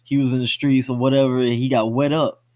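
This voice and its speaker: A young man from South Florida co-hosting a movie podcast, talking casually and explaining slang in a relaxed way. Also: mid-range voice, fast, dry recording. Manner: laid-back, explains street slang, says "you know what I'm saying" often.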